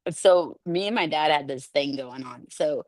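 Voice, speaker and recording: A middle-aged woman chatting in an animated way, laughing often and acting out quotes in a somewhat low voice. The recording is dry and close, with no room sound. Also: measured pace, no echo. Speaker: podcast guest. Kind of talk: casual storytelling chat.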